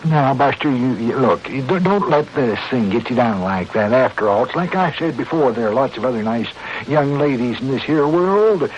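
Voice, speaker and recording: A man's voice: medium pitch, expressive, moderate pace, lightly acted. Folksy old mayor, played by a man, coaxing, old radio play, muffled sound. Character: folksy old small-town mayor, fond of money. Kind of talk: 1950s radio acting. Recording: dull old radio recording, faint hiss.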